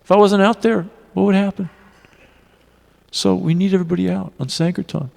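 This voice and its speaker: A man giving a devotional class in a temple hall, telling personal stories in an earnest, animated way. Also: high voice, a little fast, gravelly. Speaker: class speaker. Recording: long reverb of a hall.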